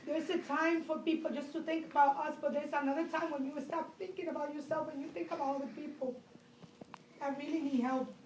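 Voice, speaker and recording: A woman's voice: high-pitched, fairly even intonation, fairly quick, a little mellow, echoey room, recorded from a distance, slight background noise, low-quality recording. A woman teacher crying as she talks to her class, pleading and scolding the children in turn. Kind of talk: emotional classroom farewell speech.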